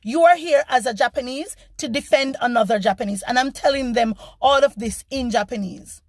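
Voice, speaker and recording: A woman vlogger telling a story in a casual, animated and indignant way, acting out the people she quotes. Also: a little high, a little fast, dry recording.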